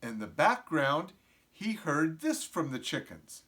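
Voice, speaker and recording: A middle-aged man reading a picture book aloud to preschool children, often stopping to ask them questions. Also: on the high side. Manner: slow, animated, asks the children questions. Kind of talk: storybook read-aloud to young children.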